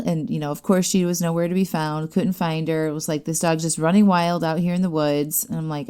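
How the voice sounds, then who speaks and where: A woman in her thirties hosting a podcast, telling a personal story in a chatty, animated way with many fillers. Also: low-pitched, fairly quick, smooth. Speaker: podcast host. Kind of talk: casual storytelling monologue.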